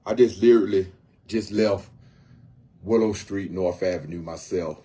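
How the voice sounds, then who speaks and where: Low husky-voiced man, earnest and repetitive. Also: moderate pace, mellow. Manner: earnest, repeats himself often. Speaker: homeless outreach volunteer. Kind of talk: casual livestream talk. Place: at home.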